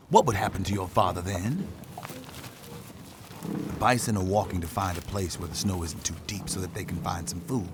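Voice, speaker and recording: A fairly low-voiced male train porter, played by a man, calm and kindly in a family audio drama. He speaks patiently and gently scolds, with a faint ambience behind him. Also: a little hiss or hum, close to an everyday voice.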